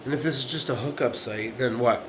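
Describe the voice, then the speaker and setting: A man's voice: medium pitch, a little fast, a little hiss or hum, poor audio. A man in his late forties giving a blunt, profane monologue, repeating himself and often asking "right?". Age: 40s. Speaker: vlogger. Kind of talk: casual monologue to camera.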